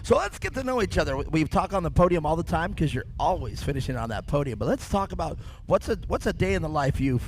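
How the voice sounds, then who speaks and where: A man announcing and interviewing at an outdoor off-road race, excitable and joking on a handheld microphone. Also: fast talker, hardly any pauses, a little hiss or hum. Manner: excitable, joking, high-energy. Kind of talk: live trackside commentary and interviews. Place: outdoor racetrack podium.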